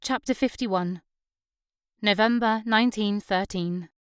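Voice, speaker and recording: A woman reads an audiobook in a steady, even way. Her mid-pitched voice is smooth and clear. The recording is close and dry, with no room around it. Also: measured pace, no room sound. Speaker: audiobook narrator. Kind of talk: scripted narration.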